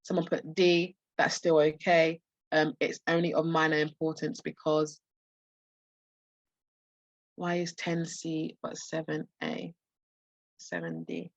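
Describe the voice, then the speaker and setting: Hoarse woman tutoring over dull call audio. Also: low-pitched, slow pace, pauses often, no echo. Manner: explains answers with many restarts and fillers. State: losing her voice. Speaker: medical school admissions tutor. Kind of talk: live online practice test walkthrough.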